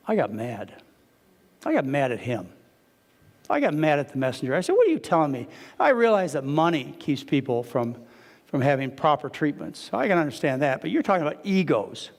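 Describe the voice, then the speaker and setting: A man lectures an audience as a doctor, his slightly high voice rising sharply as he acts out conversations. The sound rings out with the long reverb of a lecture hall. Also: brisk. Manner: animated storytelling, quotes others with raised voice. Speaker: physician lecturer.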